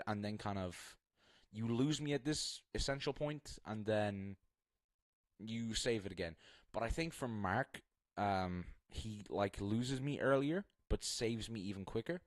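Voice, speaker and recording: A man's voice: medium pitch, animated, normal speed, dry recording. A young man streaming live, thinking aloud in a rambling, casual way and poking fun at himself.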